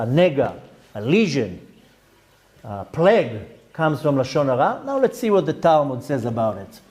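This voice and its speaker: A man's voice: a little high, a little mellow. A man, a rabbi giving a Torah lecture to a class, explaining step by step with terms and side notes. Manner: explanatory, with Hebrew terms and frequent asides.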